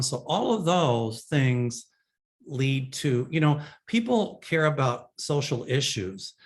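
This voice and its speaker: A man hosting a psychic show, answering viewer questions in a rambling, casual monologue full of fillers. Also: medium pitch.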